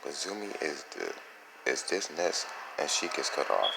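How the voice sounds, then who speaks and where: A man with a very deep, gravelly voice and big pitch swings casually narrates a fan-made story for his YouTube channel. He rambles, halts, and stops to correct himself, with background noise behind him.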